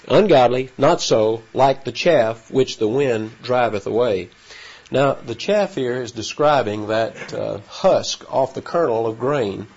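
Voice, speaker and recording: A man giving an expository Bible lesson, explaining word meanings in a measured way with frequent pauses and fillers. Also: on the low side, darkish tone, a little hiss or hum. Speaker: Bible teacher. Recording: slightly dull lo-fi recording with faint ambience.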